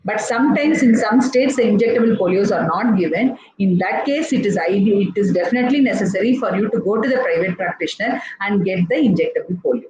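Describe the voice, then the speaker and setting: Talking fast with few pauses, this Indian woman pediatrician has a mid-range, darkish, animated voice and an Indian English accent. In a live online session she explains step by step, often using fillers and restarting, and the recording is echoey, dull, lo-fi, and slightly noisy.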